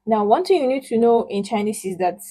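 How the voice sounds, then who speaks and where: Leading a spoken language lesson, this woman stretches out syllables with emphasis, patiently repeating words for learners to echo. Her voice sits on the high side, expressive yet dark in tone.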